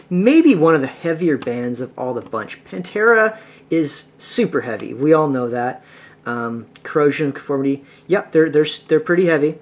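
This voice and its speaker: A man hosting a casual music podcast, rambling with lots of filler words and restarts. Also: medium pitch. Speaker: podcast host. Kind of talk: casual solo podcast talk.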